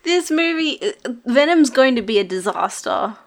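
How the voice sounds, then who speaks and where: A woman co-hosting a casual podcast, excitable and quick to giggle. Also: high voice. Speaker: podcast co-host.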